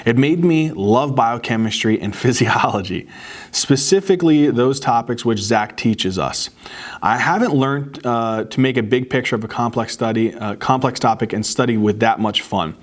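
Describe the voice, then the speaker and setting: A man hosts a relaxed fan-mail segment, reading letters aloud in a middle-pitched voice. He talks casually and sounds moved and grateful. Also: normal speed. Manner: warm, grateful, gets choked up. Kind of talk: casual chat to camera.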